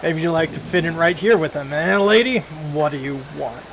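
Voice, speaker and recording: Brief: a contemptuous game foreman, read by a man, quick and gravelly. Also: fairly high pitch, lively intonation, fairly bright tone, slight background noise, low-quality recording. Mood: sneering. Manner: brisk, sneering. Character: sneering male human factory foreman.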